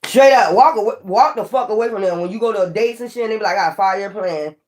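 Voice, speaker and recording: A woman's voice: fairly high pitch, fast, a little mellow. A woman giving a casual spiritual tarot reading, blunt, profane and preachy, rambling with frequent restarts. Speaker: tarot reader.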